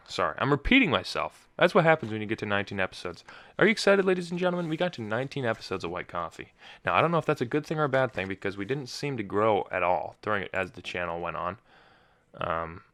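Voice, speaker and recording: A young man with a fairly low voice hosts a casual solo podcast. He rambles, corrects himself and restarts his sentences, recorded close and dry with no room sound around him. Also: sharp tone, dry recording. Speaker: podcast host.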